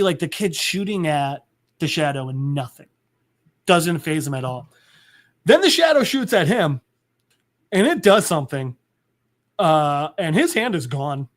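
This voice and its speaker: A man hosting a podcast, casually retelling a comic book scene with many restarts and "like"s. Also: fairly high pitch. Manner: rambling, full of "like" and restarts. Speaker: podcast host.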